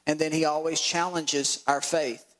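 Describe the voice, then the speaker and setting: A male pastor preaching a sermon, animated and acting out voices with laughs. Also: on the high side, a little slow, poor audio.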